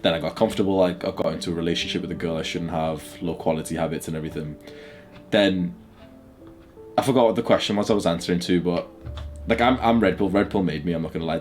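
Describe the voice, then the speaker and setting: A man in his twenties chatting casually as a channel host, blunt and crude and often laughing. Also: sits low. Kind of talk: casual chat.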